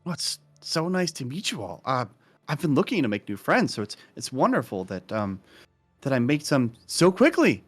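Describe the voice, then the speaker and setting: A man's voice: medium pitch, sing-song, normal speed, breathy edge, faint music behind. A man voicing a tall, shy Firbolg acolyte who is earnest and eager to make friends, speaking hesitantly.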